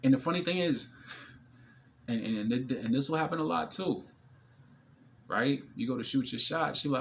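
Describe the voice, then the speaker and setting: A man's voice: a little high, animated, brisk, vocal fry, long pauses, fairly bright tone, slight background noise. A man, telling stories in a casual, slangy vlog monologue with many fillers, often acting out other people's voices. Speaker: vlogger.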